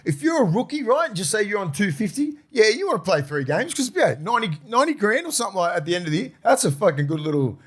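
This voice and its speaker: A man's voice: high voice, big pitch swings, quick pace, few pauses, husky. A middle-aged Australian man co-hosting a casual sports podcast, blunt and emphatic, swearing often. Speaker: podcast co-host.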